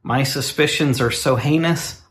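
A man's voice: medium pitch, a little slow, fairly bright tone. A man co-hosting casual radio banter in a sardonic, mock-pompous way. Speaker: co-host.

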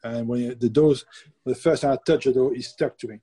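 A man's voice: mid-range voice, fairly even intonation, fairly quick, warm tone, husky, rough recording. A middle-aged man from France with a French accent, a baker telling laughing, plainspoken stories as a guest in a casual interview.

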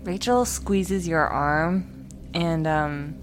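A woman's voice: lowish voice, very slow, music in the background. A woman playing a tabletop game, casually describing what her character does. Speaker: player.

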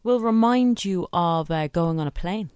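A woman's voice: on the low side, a little slow, a little mellow, smooth, no room sound, studio quality. An Irish woman co-hosting a radio show in casual, enthusiastic, playful chat. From Ireland. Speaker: radio co-host.

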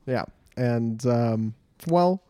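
A man's voice: mid-range voice, very slow, mellow. A man from Los Angeles co-hosting a podcast, chatting casually and enthusiastically about music, swearing freely and restarting his sentences. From Los Angeles, USA. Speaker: podcast co-host.

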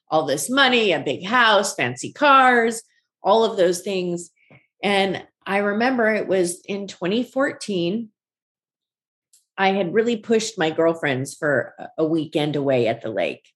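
Forties woman guest, lowish voice, animated storyteller who acts out quotes. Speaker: guest, ice cream shop founder. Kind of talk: conversational storytelling.

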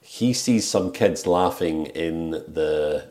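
A man's voice: sits low, takes it slowly, a crowd in the background. A man with a British accent, co-hosting a casual film podcast, playful and teasing as he retells scenes. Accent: British English. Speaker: podcast co-host. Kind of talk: casual chat.

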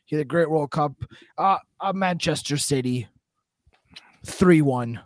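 A man's voice: on the high side, unhurried, no echo. A man co-hosting a casual football podcast, joking and teasing the others as he gives his picks. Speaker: podcast co-host. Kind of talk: casual sports betting chat.

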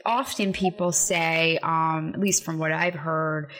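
Chatty bright-voiced woman hosting a podcast. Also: low-pitched, fairly even intonation, a little slow. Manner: chatty, giggly, lots of fillers. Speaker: podcast host. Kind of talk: casual interview chat.

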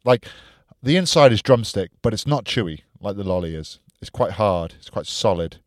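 A man's voice: lowish voice, expressive, moderate pace, no room sound, clean studio sound. A man co-hosting a casual chat, teasing his friend with short quips. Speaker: podcast co-host.

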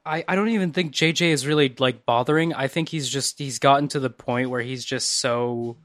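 A man chatting as a player in a tabletop role-play game, with halting restarts and incredulous questions. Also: medium pitch, a bit bright, no room sound, clean studio sound. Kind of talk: casual role-play chat.

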